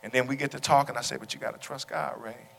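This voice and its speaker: A male pastor preaching a sermon to his congregation, talking through stories and repeating his question, at times rising to loud exclamations. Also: medium pitch, steady tone, fast talker, creaky, a little hiss or hum. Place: church sanctuary. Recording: long hall reverb.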